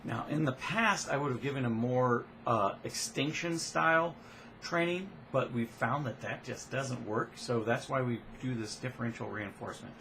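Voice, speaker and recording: Man, casual how-to talk, relaxed and plain, middle pitch, faint background hiss. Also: normal speed. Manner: relaxed, explains plainly with frequent uh fillers. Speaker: dog trainer.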